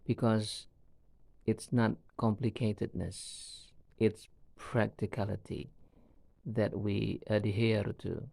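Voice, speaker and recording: Gravelly-voiced man teaching English. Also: fairly low pitch, a little mellow, dry recording. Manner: slow, repetitive, checks in with "all right?" and "right?". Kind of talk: video lesson.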